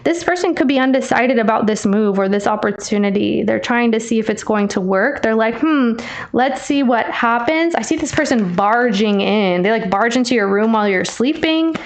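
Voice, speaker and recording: A woman's voice: fairly high pitch, animated, a little fast, few pauses. A woman giving a casual tarot reading, chatty and teasing, calling the listener babe. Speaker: tarot reader.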